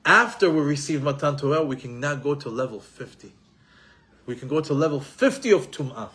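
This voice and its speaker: A middle-aged man giving an animated Torah lesson, repeating himself and mixing in Hebrew terms. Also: fairly high pitch, a little fast, slightly rough. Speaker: Torah teacher.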